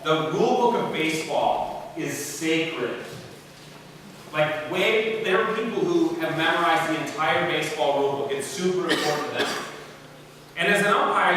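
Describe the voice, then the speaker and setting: A man's voice: on the high side, sharp tone, a little hiss or hum. A middle-aged man giving a casual, joking talk as a guest chapel speaker, loose and full of fillers. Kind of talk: humorous storytelling talk. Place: large chapel hall. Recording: echoey chapel hall heard from far off.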